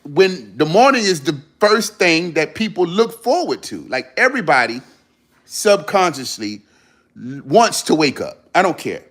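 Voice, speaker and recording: A man's voice: a little high, big pitch swings, normal speed, a bit bright. A man hosting a livestream, giving an earnest motivational talk to his viewers, repeating his points for emphasis in casual slang. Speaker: livestream host.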